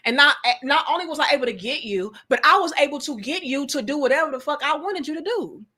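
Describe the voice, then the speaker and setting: Woman streamer, bright and punchy, brash and profane, slightly high voice. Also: fast talker. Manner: blunt, profane, animated storytelling. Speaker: livestream host reading chat. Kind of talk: casual livestream chat.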